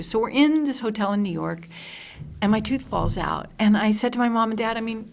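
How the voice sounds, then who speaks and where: A woman in her fifties from the United States, telling lively anecdotes at a convention panel with many fillers and restarts. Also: on the high side, fairly quick, vocal fry. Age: 50s. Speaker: panel guest.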